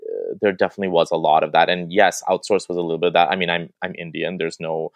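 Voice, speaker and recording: A man's voice: low-pitched, fast, creaky, no echo. A male actor talking casually as an interview guest, chatty and full of restarts and fillers.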